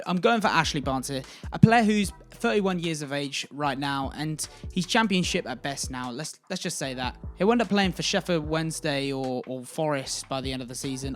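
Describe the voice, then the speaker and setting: A young man hosting a casual football video, giving chatty, opinionated and jokey commentary. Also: a little high.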